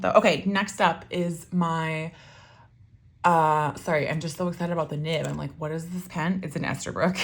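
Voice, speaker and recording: A woman's voice: low voice, vocal fry, fairly bright tone, slightly rough. A woman chatting casually and enthusiastically while showing and writing with her pens, with many fillers. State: voice getting froggy. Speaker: pen and ink vlogger.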